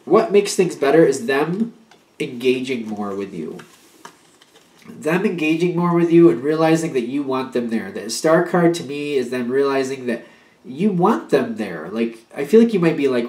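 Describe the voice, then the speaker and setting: A man's voice: medium pitch, lively intonation, moderate pace, a little mellow, roomy sound. A man giving a casual spoken tarot reading. He rambles and restarts as he talks, and now and then acts out an imagined partner's pleas. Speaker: tarot reader.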